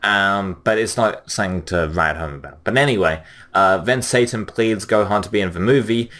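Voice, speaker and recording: Low-voiced rambling male reviewer. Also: moderate pace, a bit bright. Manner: rambling, filler-heavy, swears casually. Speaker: anime review channel host. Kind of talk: casual solo commentary.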